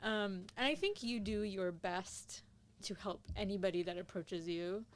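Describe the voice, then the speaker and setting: A young woman with a mid-range voice, interviewing a close friend in a relaxed, conversational way. She nudges the talk along with easy questions and a steady stream of small affirmations. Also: mid-range voice, measured pace. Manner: warm, encouraging, many small affirmations. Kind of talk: casual interview chat.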